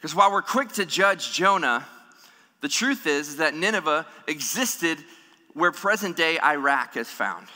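A man preaching a sermon in a church, animated, acting out the voices of people in the story. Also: fairly high pitch, a little slow. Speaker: pastor. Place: church hall. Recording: long hall reverb.

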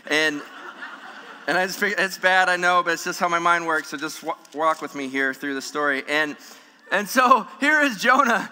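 Male pastor, sermon, bright ringing voice, fairly high, long hall echo. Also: moderate pace, smooth. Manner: animated, humorous, acts out scripture voices.

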